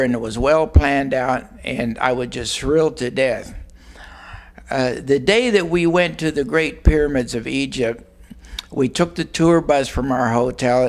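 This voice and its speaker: An older man from Arizona, telling a personal story in a plain, unhurried way with frequent pauses. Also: mid-range voice. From Arizona, USA. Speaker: guest recounting a personal experience. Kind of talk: storytelling monologue.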